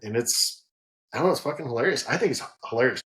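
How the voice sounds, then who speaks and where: Man, podcast guest, casual storytelling, animated, profane, mid-pitched voice. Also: fast talker, poor audio. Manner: animated, profane, frequent restarts. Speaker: guest, head distiller.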